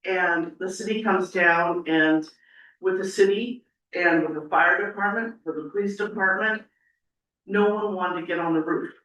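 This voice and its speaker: A woman's voice: on the low side, fairly even intonation, normal speed, fairly bright tone. A woman giving an earnest, rambling public comment at a city council meeting, tearful as she speaks. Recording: echoey council chamber, mic at a distance.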